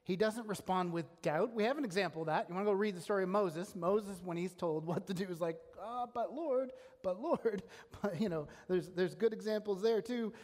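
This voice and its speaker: A man's voice: sits high, a little fast, darkish tone. A man preaching a sermon as a pastor, earnest and emphatic, often restarting his phrases. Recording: long hall reverb.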